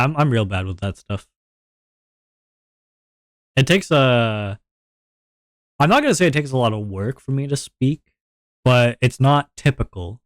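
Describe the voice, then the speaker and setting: Young guy streamer rambling, halting and self-deprecating, mid voice, dry close mic. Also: mid-range voice, dry recording. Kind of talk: casual live-stream chat.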